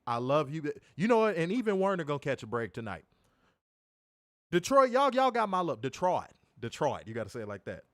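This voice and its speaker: A man in a raised register hosting a podcast, his pitch swinging widely as he rants and teases with plenty of profanity. He sits close to the mic, so the sound is dry and close. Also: brisk, dry recording. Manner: animated, profane, teasing ranting. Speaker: co-host of a wrestling review show. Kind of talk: casual podcast chat.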